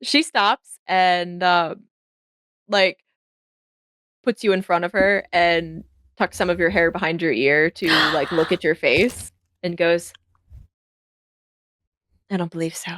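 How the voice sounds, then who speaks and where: A woman game master narrating a tabletop game in relaxed second-person description. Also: fairly low pitch, slow pace, no echo, studio quality.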